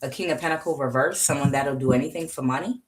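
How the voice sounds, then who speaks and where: Woman, tarot reader, low voice, casual spiritual reading, chatty. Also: fast, a little hiss or hum. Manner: chatty, frequent "okay" checks, laughs at herself.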